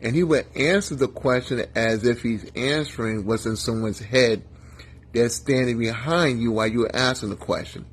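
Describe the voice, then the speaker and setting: Male pastor, husky mid-range voice, folksy conversational sermon. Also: medium pitch, moderate pace. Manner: folksy preaching that addresses listeners by name.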